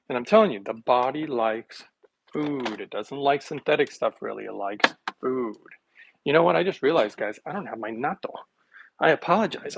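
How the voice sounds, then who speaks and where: A man hosting a health livestream, chatting casually and rambling with sarcastic asides while making a smoothie in his kitchen, recorded on a phone. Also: mid-range voice, a bit bright, slight background noise.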